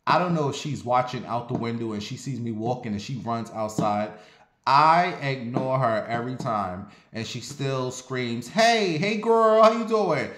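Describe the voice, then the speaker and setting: A man's voice: medium pitch, moderate pace. Blunt, sassy man in his forties. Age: 40s. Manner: blunt, sassy, profane, animated. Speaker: vlogger. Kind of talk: casual storytelling monologue. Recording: roomy echo.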